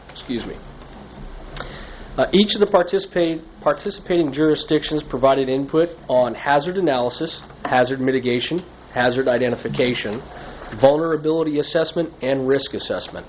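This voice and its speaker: A hoarse man, a police lieutenant, giving a formal staff report at a city council meeting, pausing often with fillers. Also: mid-range voice, dull audio, slight background noise. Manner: halting, many filler pauses.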